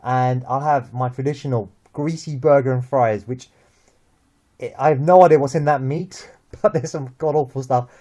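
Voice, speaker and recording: A young man with a London accent, chatting about football as host, lively and full of restarts and repeated words. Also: medium pitch, normal speed. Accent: London English. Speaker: vlog host. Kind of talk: casual football chat.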